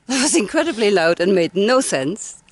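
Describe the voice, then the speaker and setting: A woman's voice: medium pitch, big pitch swings, moderate pace. A chatty woman narrating a hiking vlog outdoors on a mountain trail into a handheld camera, laughing often. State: cold from icy water. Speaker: hiking vlogger.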